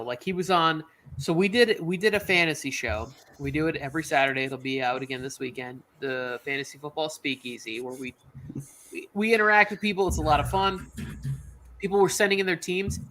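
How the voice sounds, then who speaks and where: A man with a fairly high, bright voice hosts a casual sports watch party. He rambles and jumps into excited exclamations, loosened up by a couple of drinks. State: tipsy from drinks. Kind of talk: casual sports chat on a live stream.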